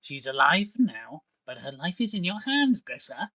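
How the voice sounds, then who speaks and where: A man's voice: fairly high pitch, sing-song, a little slow, bright, forceful tone, no echo, exaggerated voice. A man voicing a cold, menacing male villain who speaks through a severed head with a sneering, taunting manner.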